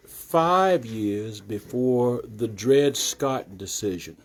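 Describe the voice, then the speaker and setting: An older man, a reverend and retired judge, introducing a reading to a live audience in an art gallery in a measured, explanatory way. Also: mid-range voice, darkish tone.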